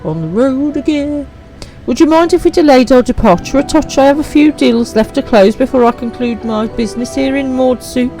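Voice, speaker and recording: A woman voicing a brisk, businesslike merchant companion in a game, chatty and upbeat. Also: sits high, warm tone, soft background music, voice pushed up, rough recording.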